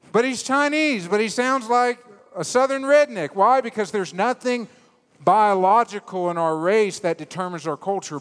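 A man preaching a sermon in a church, animated and joking, then dropping to quiet, low emphasis. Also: in a large hall. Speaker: pastor. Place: church sanctuary.

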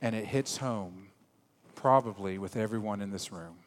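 A man preaching a sermon in a church, animated and joking, then dropping to quiet, low emphasis. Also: normal speed, long reverb tail. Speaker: pastor. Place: church sanctuary.

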